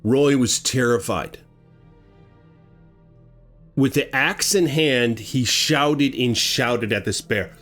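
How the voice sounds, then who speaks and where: A man telling a grim story casually, animated and conversational, acting out sounds as he goes. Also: mid-range voice, slow pace, long pauses, faint music behind.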